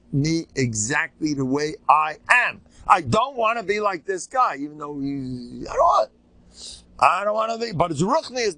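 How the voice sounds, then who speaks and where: An older male rabbi teaches a lively, informal class, spinning stories and firing rhetorical questions at his audience. His voice sits a little high for a man, and the sound is close and dry with no room echo. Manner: animated, joking storyteller with rhetorical questions. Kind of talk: informal Torah lecture.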